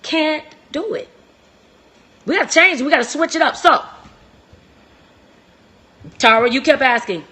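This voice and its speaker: A young woman hosting a live-stream relationship talk, preachy and emphatic, repeating phrases and swinging from soft to shouting. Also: high voice, big pitch swings, unhurried, long pauses, slightly rough.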